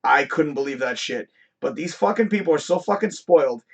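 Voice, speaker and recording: A man's voice: fairly high pitch, animated, fairly quick, gravelly, slightly rough. A man hosting a live stream, telling a story in a casual, profane rant and laughing often. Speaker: host.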